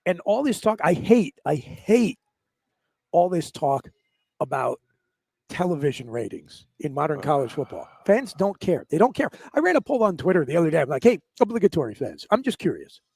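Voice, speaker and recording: A man with a high, dry studio voice rants on a sports talk radio show. He talks in an animated, sarcastic way, mocking what others say and pressing his point hard. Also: normal speed, creaky, slightly rough, dry recording.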